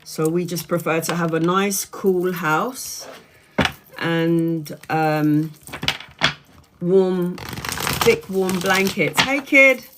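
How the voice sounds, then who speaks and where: A woman's voice: fairly low pitch, fairly even intonation, very slow, long pauses, background noise. A woman, congested and bunged up, chatting in a rambling way on a home live stream as a tarot reader and answering viewers' comments. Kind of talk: casual live-stream chat.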